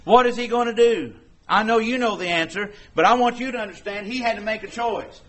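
A man's voice: high-pitched, fairly bright tone. A man preaching a sermon in a folksy, conversational way, acting out the dialogue he quotes.

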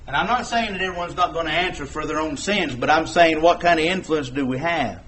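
A man's voice: a little high, a little fast, few pauses, a bit bright, poor audio. A man preaching a sermon, shifting from conversational talk to emphatic exhortation.

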